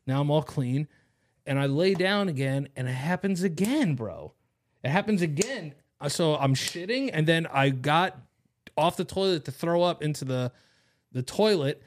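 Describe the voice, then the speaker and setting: A young man hosting a podcast, telling a long story in casual chat, rambling and profane with lots of slang. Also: fairly high pitch. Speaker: podcast host.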